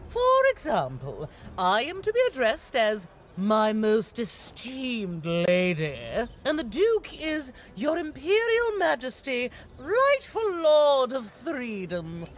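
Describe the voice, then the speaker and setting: A woman's voice: on the high side, wildly swooping pitch, slow, hardly any pauses, exaggerated voice. A woman playing a snobbish, haughty noblewoman in a video game, lecturing in a disdainful manner. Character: snobbish noblewoman obsessed with titles. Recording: game audio with music behind.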